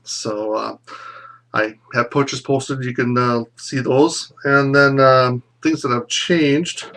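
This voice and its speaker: A man in his thirties recording a casual video message for old classmates, reminiscing in a rambling, fond way with many pauses. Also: mid-range voice, steady tone, a bit bright. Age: 30s. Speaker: former classmate sending a reunion message.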